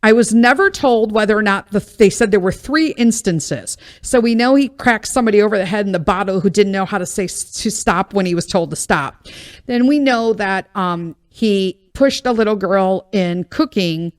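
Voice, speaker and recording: A woman's voice: medium pitch, moderate pace. A woman hosting a podcast, telling a story in a casual monologue, blunt and profane, wry and self-mocking as she vents. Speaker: podcast host.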